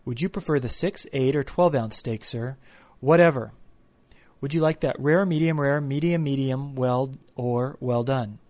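A man's voice: medium pitch, measured pace, darkish tone, natural voice. A man doing a relentlessly polite young waiter. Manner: unflappably polite, rattling off options.

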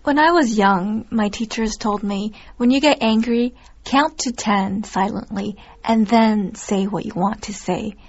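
A woman co-hosting a discussion for learners, speaking calmly and gently in simple phrases. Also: mid-range voice, measured pace, few pauses. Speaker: co-host. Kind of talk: scripted learner podcast discussion. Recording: dull lo-fi recording.

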